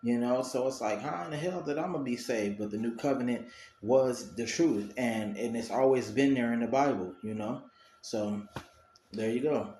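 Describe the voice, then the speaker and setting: A man's voice: mid-range voice, moderate pace, dark tone. A man giving an earnest, rambling casual talk about faith, with many fillers. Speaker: religious video host. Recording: roomy echo, faint noise.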